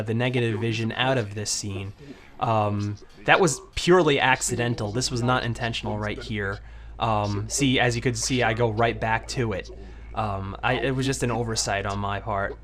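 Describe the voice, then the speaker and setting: A man talking loosely over his own anime videos in a casual commentary style. He rambles, trips over his words and starts sentences again. His pitch sits right in the middle for a man. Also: fairly bright tone. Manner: rambling, full of fillers and restarts.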